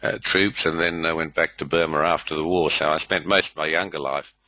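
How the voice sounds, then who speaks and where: A man's voice: a bass voice, steady tone, brisk, sharp tone, rough recording. An older man hosting a webcast, welcoming listeners in a rambling, friendly way full of fillers. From India. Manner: rambling, many fillers, friendly roll call. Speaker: host. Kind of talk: casual webinar welcome.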